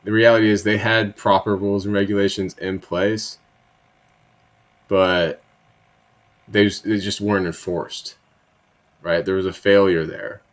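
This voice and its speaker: A man's voice: fairly low pitch, level tone, measured pace, long pauses. A man hosting political commentary, reading bill text aloud and then riffing on it in a blunt, profane, sarcastic way, often tagging his points with "right?". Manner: frequent tag questions, conversational asides.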